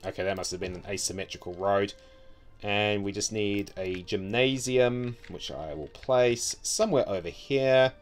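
A man's voice: on the low side, moderate pace, soft background music. A man with a New Zealand accent giving casual, offhand commentary as he builds a city in a game, muttering wryly to himself.

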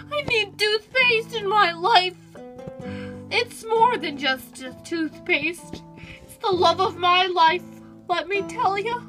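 A girl voicing a toothpaste-crazed husband. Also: very high voice. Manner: whiny, dramatic, prone to screaming outbursts. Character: toy pet playing a toothpaste-obsessed young husband. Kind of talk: toy role-play video. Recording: music playing underneath.

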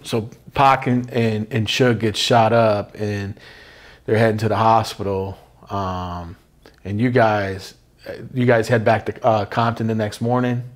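A man interviewing a guest, asking long questions with pauses and restarts. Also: lowish voice, steady tone. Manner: hesitant, many fillers and restarts.

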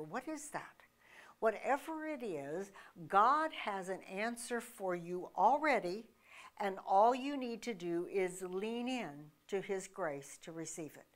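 A woman minister preaching with emphatic, conversational energy. She fires off rhetorical questions, restarts her sentences, and speaks at an ordinary middle pitch. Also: animated, unhurried. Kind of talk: sermon.

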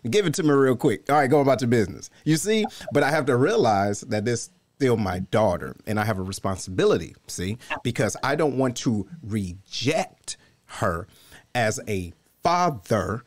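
A man's voice: medium pitch, lively intonation, moderate pace. A man co-hosting a podcast in casual, emphatic conversation, a father talking with a co-host.

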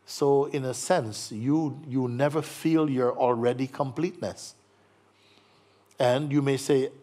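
A man giving a gentle spiritual talk to an audience, playful and teasing, acting out little voices and laughing as he speaks. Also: medium pitch, steady tone, slow pace. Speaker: spiritual teacher.

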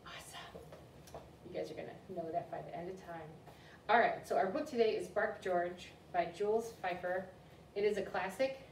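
A woman's voice: on the low side, normal speed, a little hiss or hum. A woman children's librarian hosting a story time in an upbeat, chatty way, recorded in a library room. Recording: roomy room, distant mic, faint ambience.

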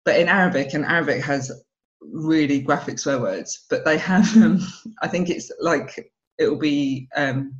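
A woman's voice: deep voice, measured pace. A woman stand-up comedian in casual podcast conversation, telling family stories with lots of laughter. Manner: animated storyteller, laughs often. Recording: dull lo-fi podcast audio.

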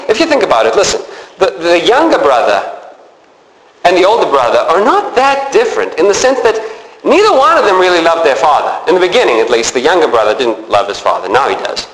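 A man preaching a sermon, lively and expressive, acting out characters in the story as he speaks. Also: high-pitched. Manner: animated, acts out biblical characters with changing voice. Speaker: pastor. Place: church sanctuary. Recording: echoey church hall, faint ambience.

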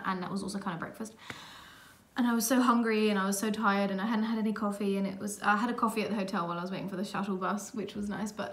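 Animated woman retelling a travel mishap. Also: medium pitch. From England. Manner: animated, exasperated retelling with self-mocking laughs. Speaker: vlogger. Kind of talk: casual storytelling vlog.

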